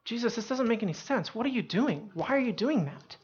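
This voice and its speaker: An impulsive male disciple bursts out in a loud, raised voice, swearing his loyalty, as a woman puts him on. His pitch climbs high when he argues. The sound is muffled and lo-fi. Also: a little slow. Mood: bewildered. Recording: dull lo-fi sound.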